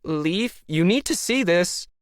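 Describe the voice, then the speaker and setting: A man's voice: mid-range voice, wildly swooping pitch, moderate pace, dry recording, clean studio sound. A man voicing a lookalike of a hippie neighbor, sounding concerned and friendly. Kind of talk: audiobook character voice.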